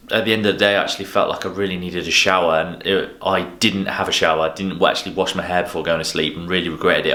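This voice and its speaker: A man's voice: deep voice, sharp tone. A man giving a frank, rambling recap of a product he tried, often restarting his sentences. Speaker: male grooming specialist and host. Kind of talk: casual product review recap. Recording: echoey room.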